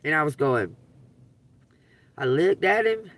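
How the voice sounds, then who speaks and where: A woman's voice: low-pitched, takes it slowly. A middle-aged woman with a Georgia accent, telling a rambling, profane story on a live stream. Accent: Southern US (Georgia). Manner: profane, animated, laughs through the story. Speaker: live-stream tarot reader. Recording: dry sound, distant from the mic.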